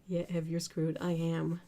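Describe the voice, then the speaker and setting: A woman's voice: on the low side, dark tone. A woman from Britain hosting a casual art livestream, reading viewer comments aloud, chatting and laughing often. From United Kingdom.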